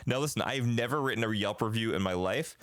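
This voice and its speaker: A man's voice: lowish voice, fast, a bit bright, no room sound, clean studio sound. A man in his forties hosting a casual podcast, telling stories with lots of fillers and restarts. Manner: rambling storyteller with many fillers. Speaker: podcast host.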